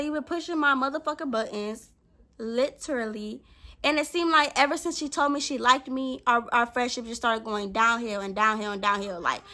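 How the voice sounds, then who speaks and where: A young woman with a high, bright voice tells a story as a vlogger. She talks casually and with a lot of energy, swearing freely and acting out her own lines as she goes. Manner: animated, profane, acts out what she said.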